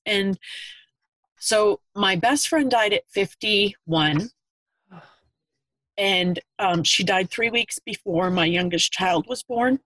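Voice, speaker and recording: A woman's voice: mid-range voice, fairly bright tone, no echo, low-quality recording. Tearful fifty-something woman caller. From Pennsylvania. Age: 50s. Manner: earnest, halting. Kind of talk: emotional personal testimony.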